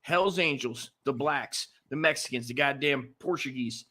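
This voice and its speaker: Bright-voiced man telling a crude story. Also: mid-range voice, normal speed. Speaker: podcast co-host. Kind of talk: casual storytelling chat.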